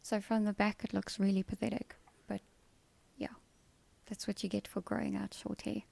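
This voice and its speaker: A woman's voice: medium pitch, flat delivery, normal speed, creaky, a little mellow, breathy edge. A South African woman chatting casually on a live stream from home, answering viewers by name with dry sarcasm. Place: at home, kids' TV in another room.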